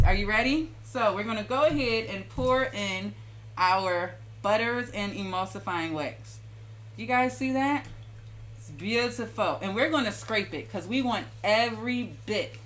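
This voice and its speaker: A woman's voice: medium pitch, fairly bright tone, a little hiss or hum. A woman from Philadelphia hosting a casual live-stream lotion-making demonstration, chatting and greeting viewers by name. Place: home kitchen.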